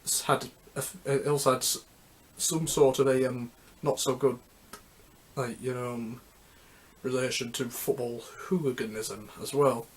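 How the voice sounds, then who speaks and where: A man's voice: medium pitch, fairly even intonation. A man in a mid-range voice gives an unscripted talk on music history. He rambles and halts, stops often to restart his sentences, and keeps a loose, casual way of talking. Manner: rambling, halting, with many restarts. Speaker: music history video host.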